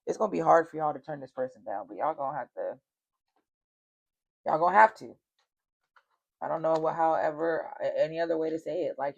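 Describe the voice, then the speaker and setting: In a laid-back tarot reading, this woman speaks straight to her audience with blunt warnings she repeats, swearing liberally. Her low, slightly mellow voice has vocal fry, and the audio sounds dull.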